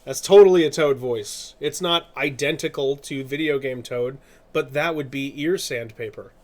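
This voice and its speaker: A man's voice: mid-range voice, moderate pace, a little mellow. Chatty male streamer, laughing often. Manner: chatty, rambling, laughs often, self-correcting. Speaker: streamer and artist. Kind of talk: casual live-stream chat.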